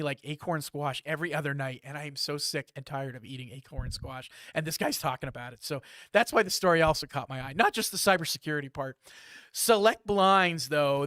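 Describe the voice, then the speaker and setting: A man's voice: a little high, dry recording, studio quality. Chatty man hosting a news briefing. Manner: lively and chatty, with asides and jokes. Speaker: host of a security news briefing.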